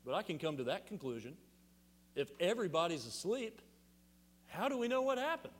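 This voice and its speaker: A male pastor preaches to his congregation in a fairly high voice, animated and emphatic, stopping often to put rhetorical questions to the room. His words ring out with a long reverb through a large sanctuary. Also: a little fast, pauses often. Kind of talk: sermon.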